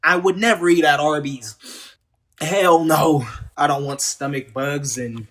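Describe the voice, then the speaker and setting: A man's voice: fairly high pitch, moderate pace, sharp tone. A man giving a casual, exasperated rant reviewing a wrestling show, sarcastic and heated, often repeating himself. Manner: repeats words and restarts often.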